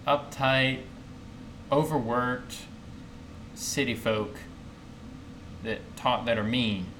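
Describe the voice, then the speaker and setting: A man's voice: mid-range voice, drawn-out words, a little hiss or hum, poor audio. A young man from the American South co-hosting a podcast, talking in a casual, easygoing way. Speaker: podcast co-host. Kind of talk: casual chat.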